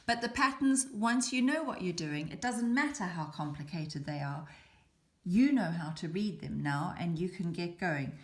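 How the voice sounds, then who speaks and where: A woman hosting a beading tutorial, calmly explaining each step as she works. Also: fairly low pitch, moderate pace. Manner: calm, chatty explaining while working. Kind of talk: step-by-step craft demonstration.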